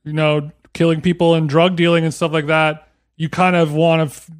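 A man hosting a podcast in a relaxed, casual manner. His voice sits slightly high, and his questions loop and wander before they land. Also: moderate pace. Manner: easygoing, asks long looping questions. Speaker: podcast host. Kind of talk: casual interview chat.

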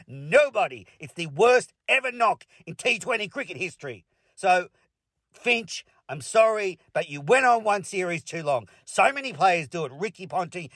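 A man's voice: high voice, fairly bright tone, no echo, clean studio sound. An Australian man hosting a podcast, ranting angrily and bluntly about his sport, swearing often. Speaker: podcast host.

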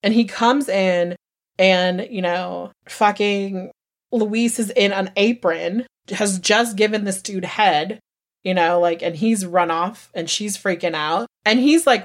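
A woman hosts a casual true-crime podcast, telling the story with heated, profane emphasis. Her voice sits at a middle pitch for a woman. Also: takes it slowly. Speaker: podcast host.

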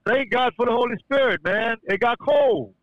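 A man's voice: very high-pitched, moderate pace, dry recording, phone-quality sound. A man sharing a religious testimony in casual talk. He stumbles and restarts often, then builds to fervent emphasis. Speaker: podcast guest sharing testimony. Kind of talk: casual church-style testimony.

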